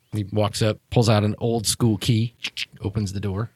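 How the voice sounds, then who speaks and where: A man's voice: fairly low pitch, flat delivery, normal speed, darkish tone, breathy edge, no room sound, studio quality. A man running a tabletop game as game master, narrating loosely and casually.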